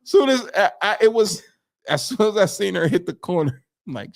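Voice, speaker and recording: A man co-hosting a podcast, telling a story in casual chat, animated, acting out quotes and laughing often. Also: sits high, brisk, creaky. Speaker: podcast co-host.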